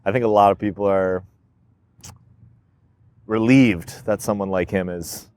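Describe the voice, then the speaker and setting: A man's voice: lowish voice, steady tone, a little slow, darkish tone, clean tone. A man in casual podcast chat, laid-back, who mostly gives short agreeing replies. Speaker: podcast co-host.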